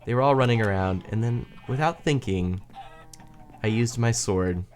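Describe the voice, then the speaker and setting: A man's voice: fairly low pitch, normal speed. A man streaming a building game, chatting casually with viewers, chatty and self-deprecating, laughing often. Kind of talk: casual gaming stream chat.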